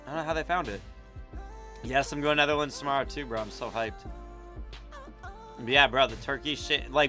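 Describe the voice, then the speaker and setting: A young American man talks loosely into his streaming mic, full of slang and casual swearing. His voice sits a bit high and sounds bright. Faint music plays under him. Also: moderate pace, long pauses. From United States. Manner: loose, swearing, laughing, lots of "bro" and "like". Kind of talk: casual live-stream reaction chat.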